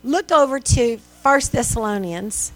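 Woman preacher, high voice, chatty sermon w questions, electrical hum in the back. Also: expressive, unhurried, soft background music. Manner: conversational preaching with rhetorical questions and mimicked voices.

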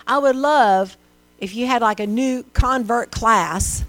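Woman preacher, high voice, chatty sermon w questions, electrical hum in the back. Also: slow, no echo. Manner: conversational preaching with rhetorical questions and mimicked voices.

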